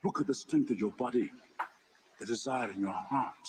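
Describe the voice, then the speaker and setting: An actor playing a cruel, calm warlord villain in a 1980s fantasy film, speaking slowly and with cold contempt. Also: male voice, mid-range voice, noisy background, close to an everyday voice. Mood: cold menace.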